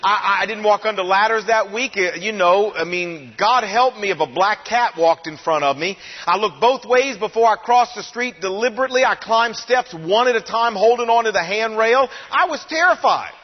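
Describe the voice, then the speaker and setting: An older man preaching a sermon, telling his own story in a conversational, animated way. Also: sits high, moderate pace, hardly any pauses. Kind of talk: sermon testimony. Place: large church auditorium. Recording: long hall reverb, dull lo-fi sound.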